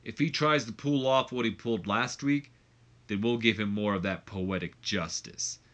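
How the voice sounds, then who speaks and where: A man's voice: fairly low pitch, normal speed, a bit bright, close to an everyday voice. A man voicing a confident, laid-back male wrestler in a game playthrough.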